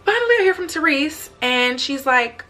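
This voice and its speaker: A woman's voice: high voice, normal speed, soft background music. Chatty young woman telling a storytime. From United States. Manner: chatty, expressive retelling with acted-out quotes. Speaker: vlogger. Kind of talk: storytime vlog.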